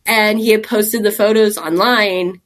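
A woman's voice: medium pitch, fairly even intonation, unhurried. Chatty woman from Texas, rambling. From Texas, USA. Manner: chatty, rambling storyteller who laughs often. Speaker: guest caver. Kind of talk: casual interview chat.

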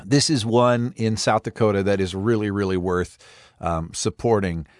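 A man's voice: fairly low pitch, moderate pace, dry recording. A man hosting a podcast, talking in a chatty, enthusiastic and rambling way. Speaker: podcast host. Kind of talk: casual podcast talk.

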